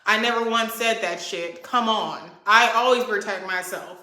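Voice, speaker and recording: A young woman rants straight to camera, angry and swearing freely as she pushes each point hard. Her voice sits a little high and comes through bright and forceful. The room around her sounds echoey. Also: moderate pace. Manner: heated, profane, emphatic. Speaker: vlogger. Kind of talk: angry venting rant to camera.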